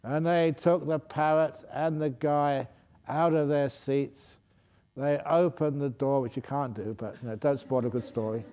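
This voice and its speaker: Playful monk telling a joke, mellow. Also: male voice, a little high, steady tone, a little slow, clear, resonant tone. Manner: playful storyteller, laughs at his own jokes and corrects himself. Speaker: Buddhist monk teacher. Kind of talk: humorous dharma talk with a joke.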